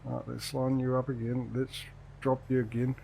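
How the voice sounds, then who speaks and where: A man streams a farming game, casually chatting and trading dry jokes with his in-game workers as gameplay commentary. His mid-range voice is flat and mellow, with vocal fry and a breathy edge, at a normal speed.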